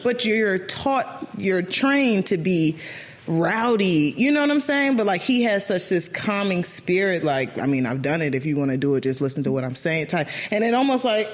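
A man co-hosting a podcast in casual chat, animated, his voice jumping up when he quotes people. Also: moderate pace. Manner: animated, jumps high when quoting others. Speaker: podcast co-host.

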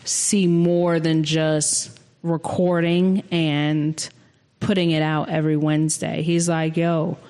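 A woman co-hosting a podcast in casual chat, speaking in a slow, relaxed, drawn-out way. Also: low-pitched. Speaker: podcast co-host.

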